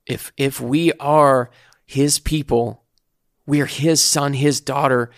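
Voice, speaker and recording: A man co-hosting a casual podcast, giving earnest, reflective faith advice at a slow, searching pace. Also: medium pitch, steady tone, no room sound, studio quality. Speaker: podcast co-host.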